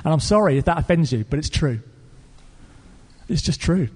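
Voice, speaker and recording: An Englishman preaching a sermon, telling a story in an earnest, animated way with fillers and restarts. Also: on the high side, moderate pace. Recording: long reverb of a church hall.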